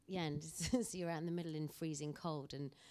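A woman speaking as an actor guest at an onstage panel discussion, telling anecdotes in an animated way. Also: sits low, a little fast, slight background noise.

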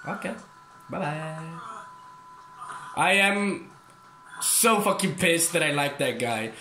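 Man, excitable gameplay commentary, slightly high voice, echoey noisy room. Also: slow pace. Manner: excitable, swearing, yelps and laughs. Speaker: gaming streamer.

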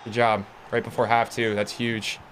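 With a fairly low pitch and a moderate pace, a young man streams a football video game against a little hiss or hum. As a gaming streamer he's excitable, swears often, and talks casually to his chat.

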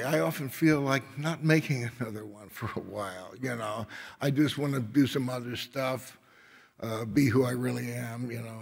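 Older man, gravelly laid-back speech. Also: medium pitch, a little mellow. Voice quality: gravelly and husky. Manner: laid-back, rambling, with many filler phrases. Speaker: award honoree giving a speech. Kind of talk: storytelling acceptance speech. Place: large concert hall. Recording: long hall reverb.

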